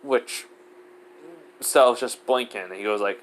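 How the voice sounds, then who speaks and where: A man's voice: mid-range voice, slow pace. A man narrating an improvised fan story in a rambling way, full of fillers.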